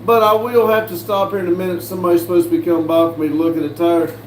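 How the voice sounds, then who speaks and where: A man hosting a casual livestream, reading viewer comments aloud slowly and answering them with lots of fillers. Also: on the high side, fairly even intonation, dark tone. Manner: slow, drawling, reads comments aloud with fillers. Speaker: livestream host reading chat. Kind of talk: casual live chat. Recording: echoey room with faint background noise.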